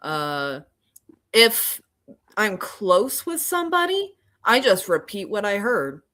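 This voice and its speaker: A woman's voice: medium pitch, very animated, slow pace, fairly bright tone. A woman from Oklahoma co-hosting a podcast in casual chat, rambling with many fillers and restarts. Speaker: podcast co-host.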